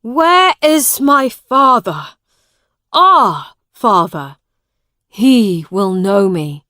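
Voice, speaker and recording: A woman's voice: on the high side, animated, very slow, a little mellow, no room sound, studio quality, pitched above the performer's own voice. A woman reading the part of a grown man, a returned soldier who pleads emphatically in a raised voice. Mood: pleading.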